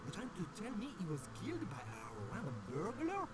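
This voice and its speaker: A man doing a high, nosy, excitable barman. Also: moderate pace. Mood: eager. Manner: eager, gasping, theatrical. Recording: clear noise behind the voice.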